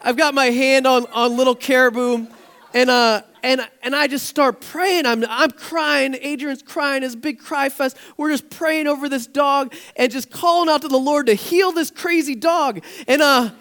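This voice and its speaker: Animated storytelling male pastor. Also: very high-pitched, moderate pace. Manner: animated, rising to near-shouts in excitement. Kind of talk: casual storytelling sermon.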